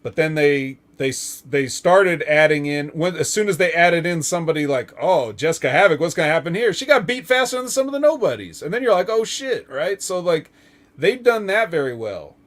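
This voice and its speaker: Male podcast host, raised pitch, loose rambling delivery, filler-heavy. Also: very animated, normal speed, fairly bright tone. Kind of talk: casual wrestling chat.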